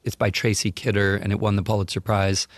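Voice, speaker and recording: A man's voice: on the low side, a little fast, no room sound. A man guest on a talk show, animatedly telling a vivid anecdote and acting out the people in it. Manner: animated, vivid storyteller who acts out other people. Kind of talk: storytelling anecdote on a podcast.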